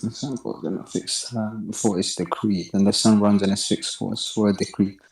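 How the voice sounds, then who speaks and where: Gravelly caller guy, calm and questioning, roomy echo on his line. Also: fairly low pitch, moderate pace. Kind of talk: debate call.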